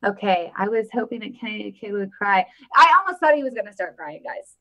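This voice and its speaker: A woman vlogger giving casual live-stream political commentary, emphatic and animated, often repeating her phrases. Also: medium pitch, fast.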